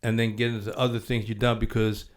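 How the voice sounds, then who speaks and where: A man's voice: on the low side, level tone, fast. An older man hosting an interview, affably prompting his guest with follow-up questions and added detail. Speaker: podcast host.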